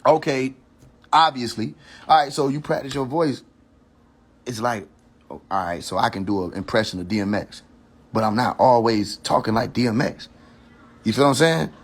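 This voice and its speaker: A man's voice: medium pitch, animated, moderate pace, pauses often. Heated man ranting on a livestream. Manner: heated, preachy and profane, repeats warnings; thinks aloud with frequent restarts. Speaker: livestream host. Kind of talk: casual rant on a social media livestream.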